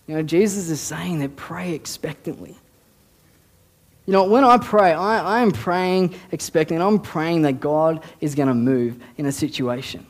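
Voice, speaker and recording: A man's voice: on the high side, a little slow. A man, a youth pastor giving a conversational sermon, often repeating words as he talks. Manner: conversational, repeats words, acts out quoted voices. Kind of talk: casual sermon.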